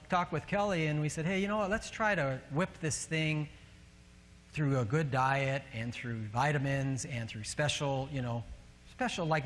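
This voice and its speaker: A man's voice: on the high side, a bit bright. A man with a northern US accent, a pastor preaching a sermon and telling a personal story with light self-mocking humor. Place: church sanctuary. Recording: long reverb of a large church hall.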